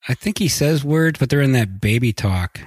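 A man's voice: medium pitch, animated, normal speed, no room sound. Laid-back male podcast co-host. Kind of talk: casual chat.

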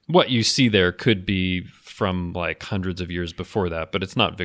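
A man's voice: low-pitched, moderate pace, fairly bright tone. A man co-hosting a podcast, talking casually and thoughtfully, with frequent restarts and light laughter. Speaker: podcast co-host. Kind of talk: casual discussion.

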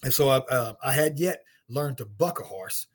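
A middle-aged man from St. Louis with a husky voice tells a story in casual talk, acting out the other people's lines in high voices and laughing often. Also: lively intonation, moderate pace. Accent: St. Louis, African American Vernacular English. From St. Louis, USA. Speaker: guest storyteller, martial artist.

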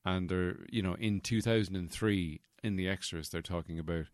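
A man's voice: sits low, moderate pace, no echo, studio quality. A man, co-hosting a film podcast in a rambling way, trailing off into fillers. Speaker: podcast co-host. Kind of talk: casual film discussion.

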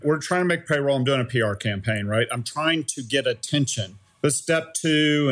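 A middle-aged man who used to run a startup tells a story in a lively, conversational interview, often checking in with "right?". His voice sits at a medium pitch.

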